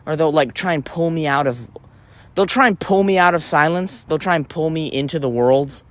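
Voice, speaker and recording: A man's voice: on the high side, normal speed, fairly bright tone. A man delivering a rambling comic monologue, theatrical and profane, often breaking off and restarting. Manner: theatrical, profane, self-interrupting. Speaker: vlogger.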